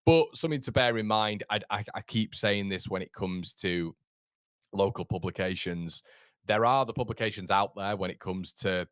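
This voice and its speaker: Male football streamer, low voice, dry close sound, chatty and rambling, greets viewers by name. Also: moderate pace, a bit bright, clean tone, no room sound. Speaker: football channel host. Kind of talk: casual live-stream chat.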